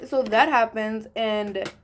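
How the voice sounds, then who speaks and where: A teenage girl telling a story in a chatty, animated way, with a lot of slang, while doing her makeup. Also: on the high side, slow, a little hiss or hum. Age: teens. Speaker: vlogger. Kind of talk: casual story time during a makeup tutorial.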